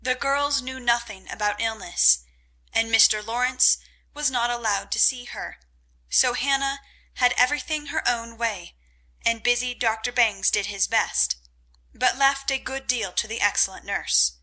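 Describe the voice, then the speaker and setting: A woman narrating a classic novel in measured, scripted audiobook style. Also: on the high side, sharp tone, low-quality recording.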